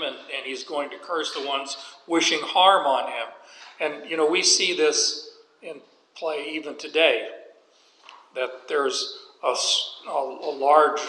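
A pastor preaches slowly and deliberately, dropping folksy jokes as he explains scripture. His voice sits a bit high and rings bright and forceful. The sound carries the roomy echo of a church hall with a long reverb tail. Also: a little hiss or hum. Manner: folksy, joking asides while teaching scripture. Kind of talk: sermon.

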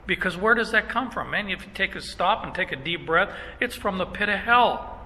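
A middle-aged man preaching a sermon as pastor, emphatic, stressing words in slow phrases. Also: sits high, animated, sharp tone, big-room sound, poor audio.

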